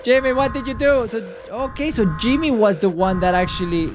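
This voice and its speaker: A man streaming a video game live, reacting excitably and swearing at what happens on screen. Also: extremely high pitch, a little fast, over music. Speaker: gaming streamer. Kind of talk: live gameplay commentary.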